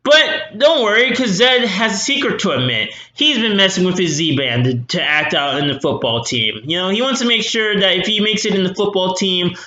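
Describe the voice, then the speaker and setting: Snarky young reviewer, sharp bright tone, rambling fillers, roomy sound. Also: male voice, high-pitched. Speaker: movie reviewer. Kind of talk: sarcastic movie recap. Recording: roomy echo.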